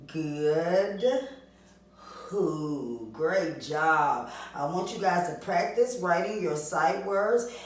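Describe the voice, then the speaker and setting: In a reading lesson for little kids, a woman asks questions in a sing-song way and then supplies the answers. She has a low, darkish voice, recorded from a distance in a very echoey room.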